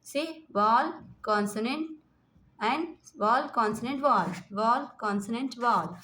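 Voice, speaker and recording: A woman's voice: fairly high pitch, expressive, measured pace, sharp tone. A woman with an Indian English accent teaching a phonics lesson, sounding out letters and repeating each word. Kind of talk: slow classroom phonics lesson.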